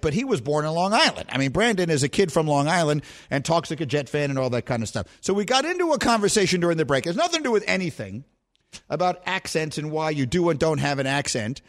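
A middle-aged man hosting a sports radio show, telling a rambling, animated story and chatting with his co-hosts. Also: fairly high pitch. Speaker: radio host. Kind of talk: casual chat on sports radio.

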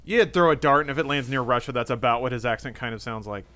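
A man co-hosting a podcast, recapping a film plot in casual commentary with animated asides. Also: medium pitch, quick pace. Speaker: podcast co-host.

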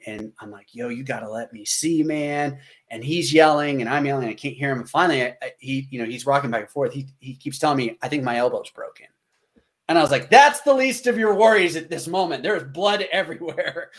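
A man in his thirties recounting a story from his time in the service. He talks in a loose, conversational way, with plenty of fillers, and his voice rises whenever he acts out what someone said. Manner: animated, acts out quotes with raised pitch. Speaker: military veteran telling a story. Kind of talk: casual spoken storytelling.

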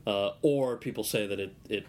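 A man's voice: lowish voice, normal speed, darkish tone, a little hiss or hum. A man guesting on a casual podcast interview, telling stories in a rambling way with lots of restarts. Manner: rambling storyteller with many restarts.

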